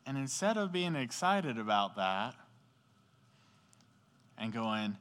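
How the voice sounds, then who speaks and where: A man's voice: mid-range voice, very animated, slow pace, a bit bright. A man preaching a casual sermon to a youth group, telling the story in slangy, conversational speech and asking the audience questions. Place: indoor hall beside a sports field, rain outside. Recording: echoey hall.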